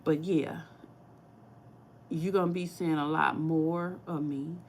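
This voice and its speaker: Woman, St. Louis accent, gravelly voice, chatty live cooking vlog, faint background noise. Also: low voice, fairly even intonation, takes it slowly. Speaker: cooking vlogger. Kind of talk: casual live-stream chat.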